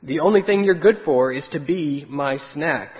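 A man's voice: on the high side, moderate pace, natural voice. A man voicing a big, cruel male wolf who talks in a snarling, mocking way. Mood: menacing. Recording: tinny phone-like sound with long reverb.

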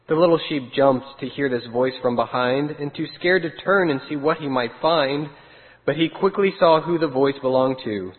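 A man reading a rhyming children's story aloud in a steady, sing-song way. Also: on the high side, moderate pace. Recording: tinny phone-like sound with long reverb.

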